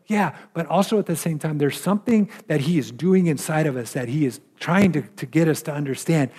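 A man's voice: a little high, brisk, hardly any pauses, darkish tone, husky. A man pastor preaching a sermon in a conversational way, with frequent "right?" asides and emphatic rises.

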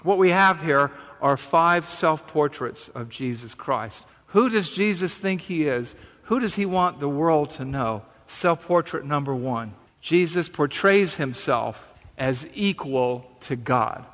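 A man's voice: on the high side, animated, takes it slowly, fairly bright tone. Man preaching in a reverberant hall. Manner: earnest, emphatic preaching with dramatic quoted lines. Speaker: pastor. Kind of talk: sermon.

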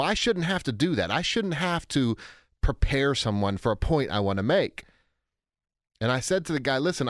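A man explains his ideas in a conversational teaching monologue, his pitch swinging widely as he acts out what people say. He keeps a middle pitch, restarts often, and the sound is close and dry with no room around him. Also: no room sound. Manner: animated, acts out quotes with big pitch jumps, frequent restarts. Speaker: author and speaker on handling anger. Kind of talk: conversational teaching monologue answering a listener question.

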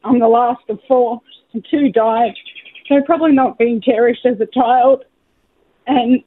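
A middle-aged woman calling in to a radio show, sharing a personal story in an emotional, halting, heartfelt way. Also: fairly high pitch. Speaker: caller. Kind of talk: phone-in testimony. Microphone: phone. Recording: tinny phone line with faint noise.

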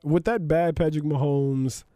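A man's voice: on the high side, measured pace, no echo, studio quality. A man hosting a sports podcast, talking casually with lots of laughs and asides. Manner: animated, laughs often, rambling asides.

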